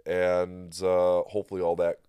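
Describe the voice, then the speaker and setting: A man's voice: sits low, completely flat delivery, moderate pace, dark tone, clear, resonant tone, no room sound. A man hosting a podcast in casual chat, teasing his guest and telling stories in a laid-back way. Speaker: podcast host.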